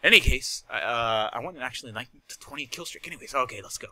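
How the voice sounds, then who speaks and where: A man doing live commentary over his gameplay, rambling and chatty, prone to shouting, laughing and swearing. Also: medium pitch, racing. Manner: excitable, shouts and laughs at in-game moments. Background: game gunfire and explosions.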